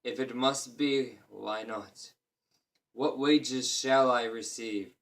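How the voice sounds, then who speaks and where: A man's voice: slow, a bit bright. A man voicing a small, frightened but boastful male tailor, speaking in a raised, whimpering voice. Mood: cheeky. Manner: whimpering, higher-pitched.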